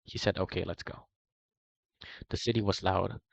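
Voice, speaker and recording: A man reading a long first-person document aloud in a steady, even way. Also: sits low, normal speed, gravelly, dry recording. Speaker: reader. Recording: dry, muffled lo-fi voice recording.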